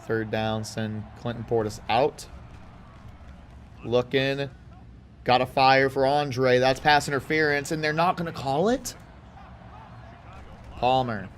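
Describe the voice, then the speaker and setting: A man from Houston giving casual, rambling commentary as he plays a football video game, with excited outbursts and side chatter. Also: mid-range voice, slow pace, pauses often, slight background noise. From Houston, Texas. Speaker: gaming YouTuber.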